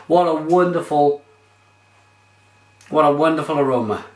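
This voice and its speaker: A man's voice: on the high side, moderate pace, long pauses, roomy sound. A man reviewing beer on his vlog, gushing and exclamatory as he describes it.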